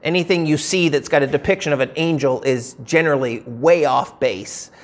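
A man's voice: fairly high pitch, normal speed. A man preaching a sermon in a conversational teaching style, posing rhetorical questions and often repeating words as he restarts his sentences.

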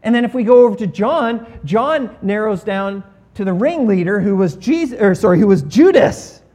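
Animated, sarcastic male preacher. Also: high-pitched, normal speed. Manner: animated, emphatic storytelling with playful sarcasm. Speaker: pastor. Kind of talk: sermon.

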